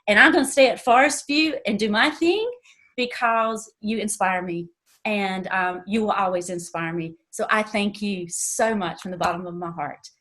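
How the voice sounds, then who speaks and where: An older woman, a teacher with a Southern US accent, giving an emotional, halting tribute to a student and close to tears. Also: mid-range voice, fairly bright tone. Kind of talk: heartfelt tribute speech.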